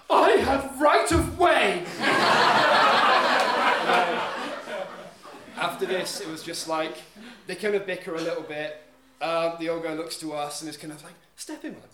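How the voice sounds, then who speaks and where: A man tells a story on stage with a fairly high voice and an animated delivery, acting out the scenes with sound effects. The room is echoey. There is light noise in the background. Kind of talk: live storytelling. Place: live event venue.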